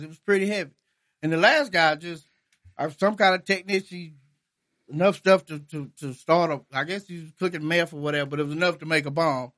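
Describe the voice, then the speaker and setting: A man tells jokes in a laid-back chat. His voice sits high and bright, and he laughs his way through each punchline. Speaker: podcast co-host. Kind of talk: casual joke-telling chat.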